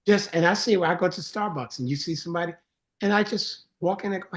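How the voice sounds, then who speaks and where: Man, middle-aged, earnest storyteller, mimics quoted people, slightly high voice. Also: fast. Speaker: songwriter and producer guest. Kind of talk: casual interview chat.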